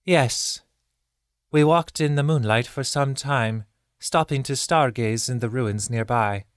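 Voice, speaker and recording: A man's voice: mid-range voice, slow pace, clean tone, dry recording, clean studio sound, pitched above the performer's own voice, close to an everyday voice. A man voicing a proud female bird-folk advisor who speaks tersely and with scorn in an audiobook. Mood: subdued.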